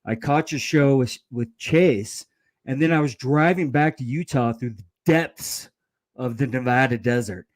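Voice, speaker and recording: A man from the San Francisco Bay Area in the US calls into a sports show for a casual chat, speaking hesitantly, restarting and repeating words. His voice is medium-pitched and a little slow.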